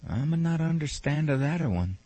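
A man's voice: on the high side, expressive, normal speed, warm tone, breathy edge, dry recording. A man voicing his old Italian immigrant grandfather, who speaks broken English with an Italian accent and asks puzzled questions. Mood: bewildered.

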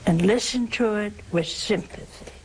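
A woman's voice: medium pitch, moderate pace, darkish tone, a little hiss or hum, rough recording. A woman giving an informal sermon in a homey, humorous way, asking her listeners rhetorical questions. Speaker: religious speaker.

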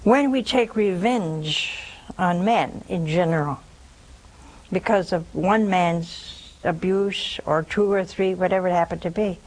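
This woman's voice is fairly low, a little mellow and measured as she hosts a religious call-in show, heard on a low-quality recording. Preaching emphatically and responding to callers, she repeats herself and slips in scornful comments.

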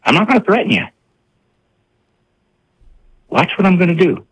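Animated man with a husky voice. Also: high voice, normal speed, rough recording. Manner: animated storyteller, acting out parents and kids. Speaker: parenting psychologist and author. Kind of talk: radio interview guest.

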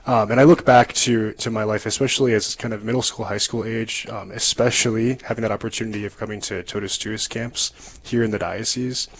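A young man, a seminarian guest on a radio talk show, telling his story in an earnest, reflective way with soft laughs. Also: on the low side, steady tone, brisk, poor audio. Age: young adult. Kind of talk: radio interview testimony.

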